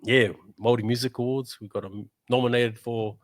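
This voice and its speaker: A man's voice: medium pitch, steady tone, fairly quick, no room sound. A man with a New Zealand accent, a musician guest chatting casually, laid-back, laughing often and saying "bro" a lot. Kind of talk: casual chat.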